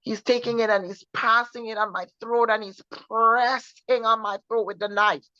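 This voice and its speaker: A woman sharing her personal testimony in an earnest, halting way, often repeating herself and restarting. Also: fairly high pitch, steady tone, pushed and bright, dry recording. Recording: dull lo-fi recording.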